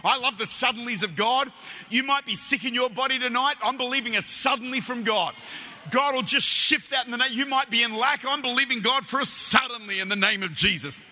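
High-voiced, energetic Australian preacher. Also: male voice, a little fast, long reverb tail. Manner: energetic, animated storytelling with stammered restarts. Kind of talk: sermon. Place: church.

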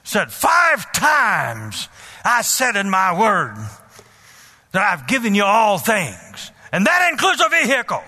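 A stern, commanding male voice of God, acted out by a preacher telling a story. He speaks slowly and loudly. The tone is high and very bright. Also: huge pitch swings, long reverb tail, heavily acted. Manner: slow, loud and stern.

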